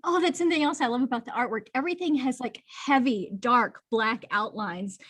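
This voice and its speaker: A woman's voice: a little high, a little fast, fairly bright tone, slightly rough. A woman co-hosting a podcast in casual book talk, gushing with enthusiasm and laughing often. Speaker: podcast co-host.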